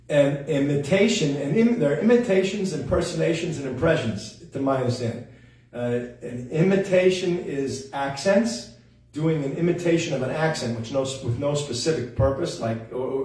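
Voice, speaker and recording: A man's voice: mid-range voice, darkish tone. A man hosting a variety show, rambling through a chatty, self-deprecating monologue. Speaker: host. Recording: echoey room, distant mic.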